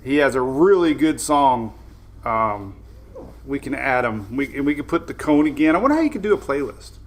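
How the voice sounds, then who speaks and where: An upbeat man chats loosely on his own live stream, greeting viewers one by one and laughing as he rambles. His pitch sits mid-range for a man. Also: very animated, moderate pace. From Florida. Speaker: host of a weather live stream. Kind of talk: casual live-stream chat.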